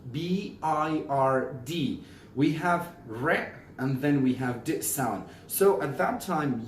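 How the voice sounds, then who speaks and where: A man teaching pronunciation in a casual video lesson, explaining slowly and repeating example words. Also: on the high side, a little hiss or hum. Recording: roomy echo, mic at a distance.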